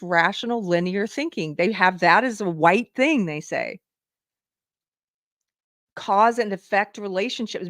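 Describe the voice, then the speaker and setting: A woman's voice: medium pitch, a bit bright, dry recording, clean studio sound. A woman hosting a live political commentary show, indignantly reading items off a list. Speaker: livestream show host.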